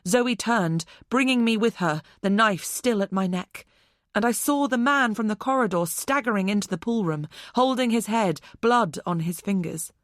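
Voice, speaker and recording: A woman narrating a suspense audiobook in the first person with tense, measured delivery. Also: medium pitch, no echo, studio quality.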